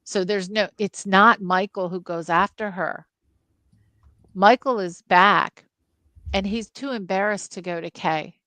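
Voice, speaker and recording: A woman co-hosting a casual film podcast, retelling book scenes with lively storytelling. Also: medium pitch, measured pace, no room sound. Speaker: film club podcast co-host.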